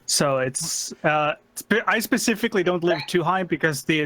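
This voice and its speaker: A man's voice: on the high side, moderate pace, fairly bright tone, faint music behind. A man from Norway with a Norwegian accent, a native Norwegian speaker, talking in a hesitant, stumbling but polite way in a casual debate chat.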